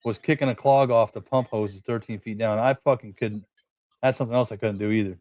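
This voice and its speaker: A man's voice: fairly low pitch, steady tone, a little fast, darkish tone, no echo. A man, co-hosting a casual podcast chat, rambling through stories and swearing constantly. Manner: swears a lot, rambling storytelling. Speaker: podcast co-host.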